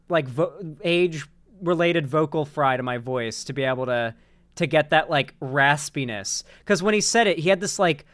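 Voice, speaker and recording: A man with a fairly high voice talks straight into a dry, close mic, hosting a loose online commentary show. He rambles and restarts his sentences often, swearing casually as he goes. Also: a bit bright, no room sound. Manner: rambling, many restarts and fillers, swears freely. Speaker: political commentary host.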